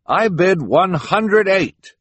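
A man putting on a soft-spoken, fussy wealthy gentleman, gentle and apologetic, in a somewhat raised voice. The tone is husky and recorded dry. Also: high-pitched, animated, slow pace, no room sound, pitched above the performer's own voice, heavily acted. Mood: mild. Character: mild fussy wealthy middle-aged man.

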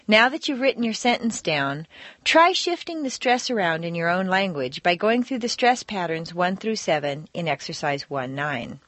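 Lively woman reading accent lessons. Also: medium pitch, dry recording. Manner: clear, measured teacher delivery with lively intonation. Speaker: accent course narrator. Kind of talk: scripted instructional narration.

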